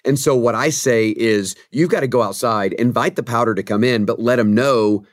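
A man's voice: medium pitch, normal speed, no echo, clean studio sound. A man who is a pastor and author, speaking as a podcast guest in an earnest, preacherly way. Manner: earnest, preacherly, emphatic about conviction. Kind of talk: podcast interview conversation.

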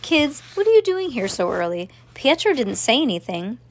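A woman voicing a gruff, scolding circus woman, in a storybook reading. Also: on the high side, sing-song, moderate pace, voice pushed up.

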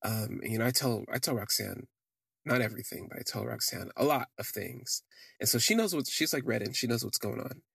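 A man's voice: mid-range voice, animated, a little fast, creaky, fairly bright tone, breathy edge, no echo, clean studio sound. A man hosting a podcast, telling a candid personal story in a rambling way full of "like" fillers. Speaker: podcast host.

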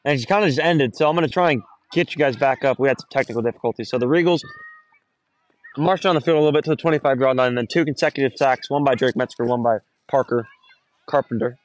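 Phone audio catches a young man rambling through play-by-play of a high school football game outdoors. He's a fast talker who keeps correcting himself and gets excited when there's a big run.

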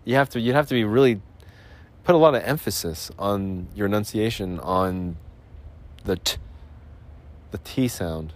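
A man hosting a solo podcast, rambling sarcastically about his day, clearing his throat and coughing now and then as he comes down with a cold. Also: on the low side, animated. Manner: sarcastic, self-mocking, puts on quick voices for quotes. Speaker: podcast host.

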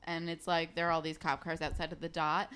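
A woman's voice: deep voice, level tone, fast, a bit bright, clean tone. A young woman co-hosting a casual chat, recapping a show in a wry, chatty way and mimicking the characters. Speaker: podcast co-host.

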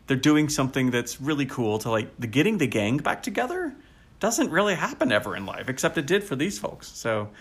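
An enthusiastic male podcast co-host chatting casually, his voice swinging widely up and down in pitch. He laughs easily and fills his sentences with "like.". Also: brisk, breathy edge. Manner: animated and enthusiastic, laughing often; frequent fillers such as "like". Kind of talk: casual chat.

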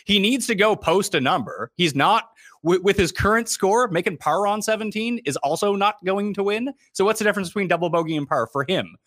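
A man with a Canadian accent, a fantasy golf analyst talking in a casual podcast chat, animated and joking at his own expense. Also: sits high, no echo, clean studio sound. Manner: animated, quick asides and self-deprecating jokes.

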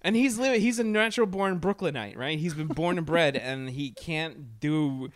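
A man's voice: a little high, normal speed, hardly any pauses, no room sound, studio quality. A man hosting a radio show in a casual, rambling way, with jokes and lots of fillers. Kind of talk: casual chat.

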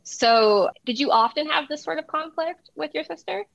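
A woman voicing a courtroom attorney who questions a witness in a formal, measured way. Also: sits high, gravelly, no echo, highs cut off, voice pushed up. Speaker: game master.

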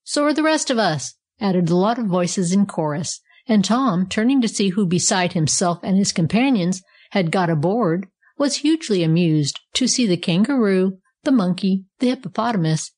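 A woman's voice: medium pitch, darkish tone. Woman reading a storybook aloud. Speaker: narrator.

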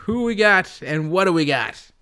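A man's voice: sits high, lively intonation, moderate pace, pushed and bright, smooth. A man co-hosting a comedy award skit, stammering and joking as he goes. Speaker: co-host.

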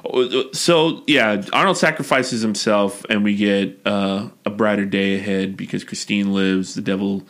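A man's voice: fairly low pitch, fairly even intonation, unhurried, few pauses, a bit bright. A man co-hosting a casual movie-review chat who talks bluntly and profanely in long rambling runs. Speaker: podcast co-host.

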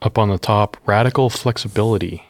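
A man's voice: fairly low pitch, brisk, dry recording, studio quality. A man co-hosting a podcast, giving short, blunt quips in casual chat. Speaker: podcast co-host.

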